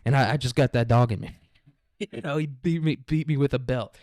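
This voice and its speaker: A young Midwestern man rambling through a crude comic monologue on his podcast, breaking into laughter often. His voice sits at an ordinary mid pitch, and the recording is dry and close with no room sound. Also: brisk, darkish tone, no echo. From Kansas City area, American Midwest. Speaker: podcast host.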